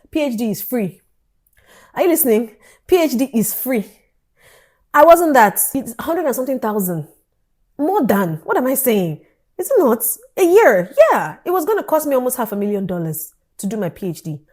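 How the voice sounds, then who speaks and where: A woman, telling a personal story in an animated vlog style and acting out the dialogue. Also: medium pitch. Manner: animated storytelling, acts out dialogue, laughs often. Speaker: vlogger.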